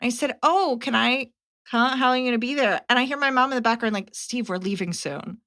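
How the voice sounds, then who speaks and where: A woman's voice: sits high, quick pace, pushed and bright. A woman co-hosting a podcast, telling stories animatedly and laughing often. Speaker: podcast co-host. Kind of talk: casual chat. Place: greater Atlanta area.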